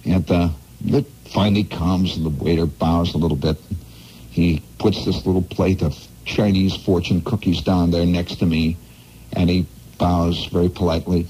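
A radio host from the Midwest telling a rambling, digressive story in a wry, playful way, full of asides. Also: male voice, low-pitched, steady tone, normal speed, warm tone, husky, faint music behind, poor audio. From American Midwest.

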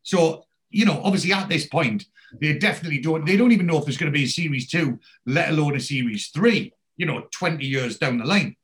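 A man's voice: on the high side, fairly quick, a bit bright. Chatty man retelling tv scenes. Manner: chatty storyteller who acts out quoted lines. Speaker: podcast host recapping a TV series. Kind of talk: casual chat, retelling scenes.

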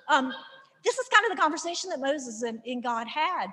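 A woman with a high voice gives a lively, sarcastic Bible lesson, slipping in jokes as she goes. Her voice rings out through a large hall with a long echo. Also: brisk, slightly rough. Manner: lively, sarcastic, acts out characters. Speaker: Bible teacher. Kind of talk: humorous Bible teaching. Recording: reverberant hall.

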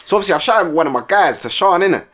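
This young co-host's voice sits high and sounds somewhat bright, and he talks very fast and expressively. On a casual podcast he spins stories in thick slang, laughs frequently, and keeps adding "innit," while faint music runs underneath.

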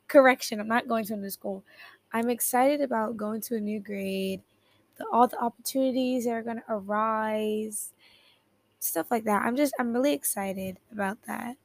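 A woman's voice: on the high side, normal speed, no echo. A teenage girl hosting a podcast in a casual chat, rambling, giggling and correcting herself as she talks, at her computer in her bedroom. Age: teens. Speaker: podcast host. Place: bedroom at home. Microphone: headphones at a computer keyboard.

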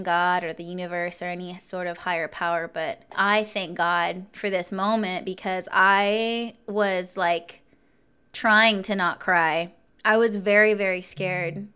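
Chatty young woman with a smooth voice. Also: fairly low pitch. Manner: animated, chatty, full of fillers. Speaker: vlogger. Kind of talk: casual storytime vlog.

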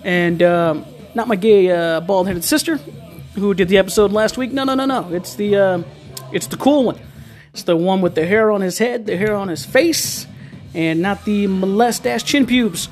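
A man hosting a podcast, giving a fast, joking, hyped-up pep talk. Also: high voice, soft background music. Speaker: podcast host. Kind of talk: casual pep-talk monologue.

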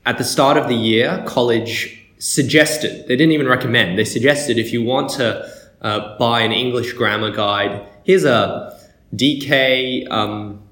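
A man co-hosting a podcast in casual chat, talkative and quick to laugh, getting animated when retelling a story. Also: mid-range voice. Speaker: podcast co-host. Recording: echoey room.

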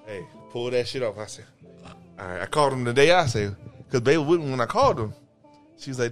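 Young male co-host, bright and teasing, lively pitch, faint music. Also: a little fast. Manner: teasing, laughs often. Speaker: podcast co-host. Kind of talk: casual chat.

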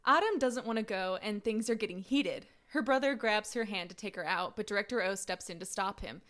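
A woman's voice: mid-range voice, brisk, a bit bright. A woman co-hosting a casual podcast, recapping episodes of a drama series, laughing often and going straight into the recap narration.

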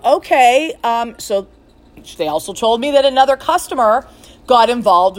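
A middle-aged woman who owns a fitness studio franchise, telling a long story and acting out the phone calls she quotes. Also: mid-range voice. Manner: animated, acts out quoted exchanges. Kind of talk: storytelling monologue.

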